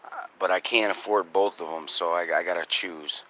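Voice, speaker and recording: Low-voiced profane man skywatching outdoors. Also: moderate pace, a little hiss or hum. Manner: profane, excitable, talks to chat viewers. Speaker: skywatch livestream host. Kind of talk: live outdoor stream chat. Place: outdoors at night. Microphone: phone.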